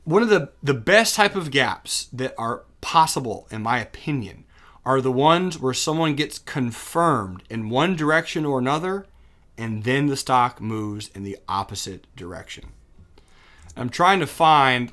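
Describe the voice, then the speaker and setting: A young man of medium pitch walks through stock charts in a relaxed, conversational lesson. He thinks aloud as he goes, trailing off, correcting himself and filling pauses with "uh" and "um.". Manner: casual, chatty, thinking aloud with fillers and self-corrections. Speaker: day trading teacher. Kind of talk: screen-share chart lesson.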